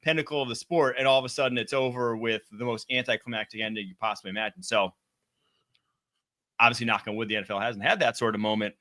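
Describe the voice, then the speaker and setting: A man's voice: mid-range voice, steady tone, quick pace, bright, forceful tone. A young man from Wisconsin with a Wisconsin accent, co-hosting and chatting casually about football. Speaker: sports analyst co-host. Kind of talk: casual sports chat over video call.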